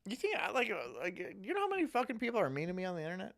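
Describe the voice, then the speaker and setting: A man's voice: high voice, huge pitch swings, racing, gravelly, fairly bright tone. Profane, rambling male streamer. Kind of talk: casual chat.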